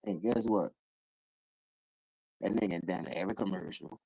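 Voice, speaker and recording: A man hosting a live call-in stream, ranting in casual, profane street talk and jumping into high-pitched voices when he quotes people. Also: normal speed, creaky, husky, dry recording, poor audio. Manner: animated, profane, acts out quoted voices in sudden high bursts. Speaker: livestream host.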